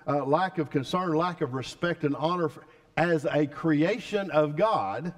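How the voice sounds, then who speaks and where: A male pastor preaching a sermon, emphatic and putting questions to the congregation. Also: a little high.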